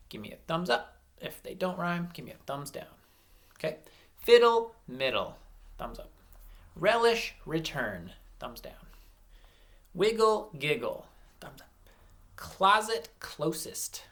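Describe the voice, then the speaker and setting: A male teacher gives a lesson for young children in a bright, forceful voice. His pitch jumps all over as he chants rhymes and claps out syllables. He spells words slowly and clearly, one letter at a time. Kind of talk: early-grade reading lesson for children.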